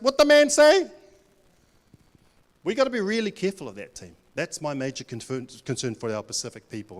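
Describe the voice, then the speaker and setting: A man, a Pacific director giving a blunt, joking talk to a live audience at a church event. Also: mid-range voice. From New Zealand. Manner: blunt, joking, plays to the crowd.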